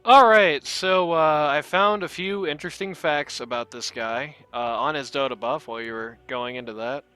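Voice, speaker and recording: A man's voice: fairly high pitch, moderate pace, pushed and bright, clean tone. A man hosting a stream, talking playfully through a casual post-game chat and reading stats aloud. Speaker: stream host.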